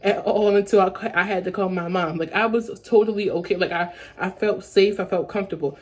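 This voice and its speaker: A woman's voice: mid-range voice, fairly quick, breathy edge. A young adult woman telling a story-time vlog in a rambling way, repeating herself with many fillers. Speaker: vlogger.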